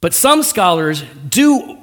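A man's voice: high voice, slow. A man preaching a sermon in a casual, conversational way, with slang asides and acted-out quotes from scripture. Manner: animated, acting out biblical quotes in raised voice. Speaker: pastor.

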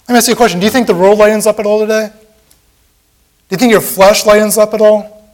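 A man's voice: high-pitched, quick pace, long pauses. A man preaching a sermon in a church, impassioned and repetitive, acting out the mocking voices of a crowd.

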